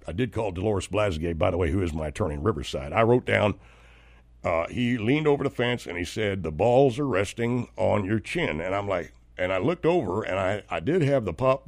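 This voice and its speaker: A man voices an indignant, aggrieved suburban husband in a comedy bit, stammering and tripping over his own words as he complains. His voice sits low. The sound is close and dry. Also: dry recording. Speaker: host of a comedy segment. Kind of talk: comedic character monologue.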